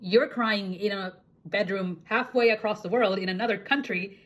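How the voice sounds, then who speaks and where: A young woman from India telling a story to camera in a chatty, animated way, with lots of fillers. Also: medium pitch, normal speed. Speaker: vlogger. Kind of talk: casual storytelling monologue.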